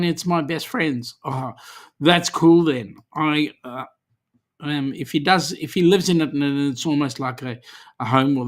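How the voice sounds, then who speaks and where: An Australian man hosting a casual livestream, reading viewer comments aloud in a chatty, easygoing way with lots of ums. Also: a little high. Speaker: livestream host.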